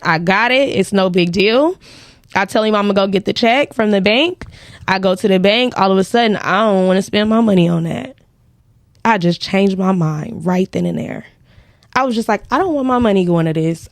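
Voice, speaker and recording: A woman who owns a credit repair business tells an animated story as a guest on a casual podcast, speaking a little fast in a mid-range voice and acting out other people's quoted lines. The studio sound is clean, with no room sound.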